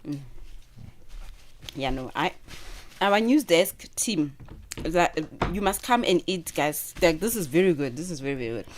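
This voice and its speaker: A woman's voice: low voice, animated, moderate pace, long pauses, background noise. A South African woman hosting a radio show, chatting casually with a guest, laughing often and talking while she eats.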